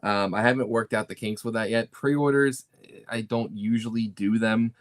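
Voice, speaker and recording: A man who is an author guest in a casual chat, relaxed and throwing in quick quips. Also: fairly low pitch.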